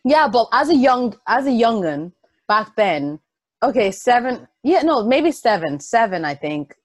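A young woman in her twenties co-hosting a podcast, talking softly and hesitantly, with frequent giggles. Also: a little high, sing-song, unhurried. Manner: soft-spoken, hesitant, giggly. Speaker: podcast co-host. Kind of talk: casual chat. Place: home studio.

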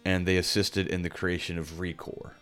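A man's voice: low-pitched, normal speed, faint music behind. A man co-hosting a casual video game podcast, rambling with lots of fillers. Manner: relaxed, rambling, frequent fillers. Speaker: podcast co-host. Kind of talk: casual chat.

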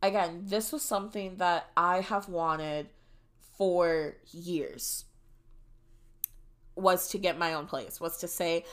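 A young woman hosting a podcast, telling a personal story in a casual, animated and dramatic way. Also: lowish voice. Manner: animated and dramatic, shrieks when reliving moments. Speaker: podcast host.

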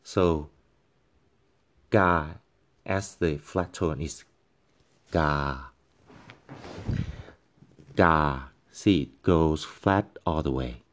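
Slow, deep-voiced male language teacher. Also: a little mellow. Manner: patient, halting, with many fillers and pauses; demonstrates tones by voicing syllables and musical notes. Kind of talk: tone pronunciation lesson.

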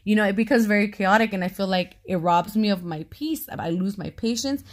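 A woman in her thirties chatting casually as a podcast co-host, talkative and quick to laugh. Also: mid-range voice. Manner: chatty, laughs often, talks a lot. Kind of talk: casual conversation.

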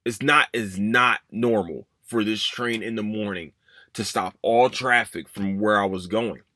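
A man's voice: on the low side, a little slow, pushed and bright, no room sound. Rambling man telling a story, dry mic. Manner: rambling, curses and apologizes, voices his own past thoughts. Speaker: podcast host. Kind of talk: casual storytelling.

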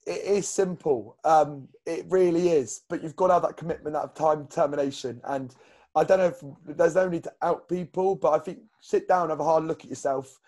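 A man's voice: on the high side, fairly quick, a little mellow. A man co-hosting a casual fitness podcast as a coach, blunt and rambling with lots of fillers.

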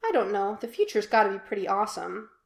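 A woman's voice: mid-range voice, sing-song, gravelly. Woman reading brash young man, defensive, blunt, roomy echo. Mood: sullen. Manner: blunt, defensive, quick to snap. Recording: echoey room.

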